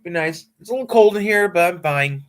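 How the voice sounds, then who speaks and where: A man's voice: high-pitched, expressive, brisk. A man hosting a casual live stream from a cold room in a house, rambling with hesitant fillers. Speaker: livestream host.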